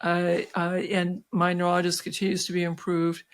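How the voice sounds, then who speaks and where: Woman in her sixties telling her story. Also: on the low side. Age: 60s. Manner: halting, with many restarts and fillers; animated, acting out quoted voices. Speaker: physician guest. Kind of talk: personal storytelling in an interview.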